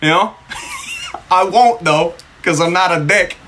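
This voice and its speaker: Male streamer, hype energy, lively swooping delivery, bright forceful voice, music faint behind. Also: high voice, slow pace, slight background noise. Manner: hyped, shouty greetings, swears casually. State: out of breath. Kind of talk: live stream chat, thanking viewers.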